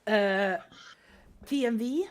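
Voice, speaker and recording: A woman's voice: a little high, slow. A woman from Sweden chatting casually on a livestream while she draws. She swears freely and laughs often. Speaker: streamer.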